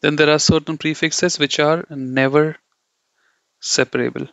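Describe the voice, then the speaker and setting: A man's voice: fairly high pitch, fairly even intonation, unhurried, gravelly, a bit bright, dry recording. A man teaching German from slides in a casual, rambling way, repeating himself and checking in with "okay?" and "you know". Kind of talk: casual slide-based lesson. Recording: dry, dull lo-fi sound.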